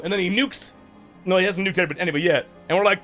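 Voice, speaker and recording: A man's voice: sits high, rapid-fire, a bit bright, soft background music. A man streaming a game who recaps the story casually, rambling with lots of fillers and swearing. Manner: rambling, profane, filler-heavy.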